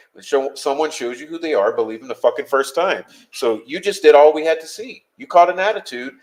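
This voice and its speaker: A podcast host running a live-stream speaks directly to his chat, blunt and heated, cursing without restraint. His pitch is an ordinary middle range, and he talks casually and conversationally with no polish at all.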